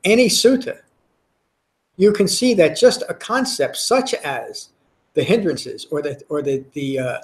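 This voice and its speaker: A man's voice: on the high side, animated, measured pace. A man giving a Dhamma talk to a meditation class, earnest and emphatic, often repeating words and restarting phrases. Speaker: meditation teacher. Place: meditation center.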